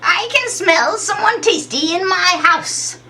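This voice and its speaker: A woman's voice: very high-pitched, expressive, takes it slowly, recorded from a distance, noisy background, voice pushed up, heavily acted. A woman voicing a gleeful, gloating old witch who wants to cook people for dinner.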